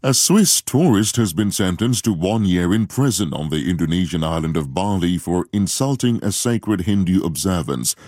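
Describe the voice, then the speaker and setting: A man with a very low voice reads the world news bulletin. His delivery is measured and formal, recorded close in a dry studio. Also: lively intonation, darkish tone, dry recording. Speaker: newsreader. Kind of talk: radio news bulletin reading.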